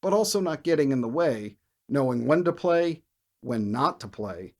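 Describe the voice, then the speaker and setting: Male bass teacher, emphatic and lively, counts beats and sings riff rhythms aloud, mid-range voice. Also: moderate pace. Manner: energetic, emphatic explaining. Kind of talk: instructional video lesson.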